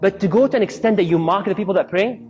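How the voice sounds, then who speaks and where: A man's voice: high-pitched, quick pace, soft background music. A man giving a storytelling sermon, acting out the voices of people in his stories. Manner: acts out quoted voices in lively storytelling. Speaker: Islamic speaker.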